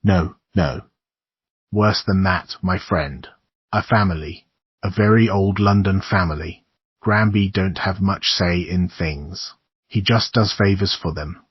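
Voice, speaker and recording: A man voicing a shabby older male neighbor who gives grim, conspiratorial warnings in a low husky voice. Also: slow pace, no room sound, exaggerated voice. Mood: ominous. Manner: conspiratorial warnings, keeps calling the listener son. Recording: dull lo-fi dry recording.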